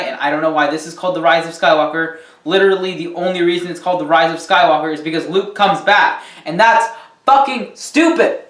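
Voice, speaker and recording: In an echoey room, picked up by a distant mic, a man with a highish, somewhat bright voice gives a casual rant review of a film. He rambles, says um a lot and swears here and there.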